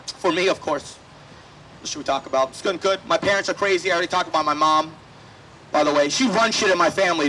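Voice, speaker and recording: High bright-voiced male stand-up comic. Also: a little hiss or hum, rough recording. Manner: brash, profane, quick to act out voices. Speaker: stand-up comedian. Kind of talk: stand-up set. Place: outdoor festival stage.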